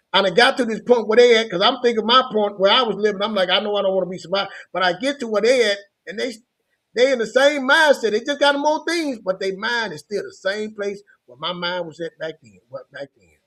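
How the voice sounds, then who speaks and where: A man's voice: sits high, fast talker, fairly bright tone. A middle-aged man from Louisiana, telling his life story as a motivational coach in a loose, conversational way. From Louisiana, United States. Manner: loose, conversational, repeats himself and restarts.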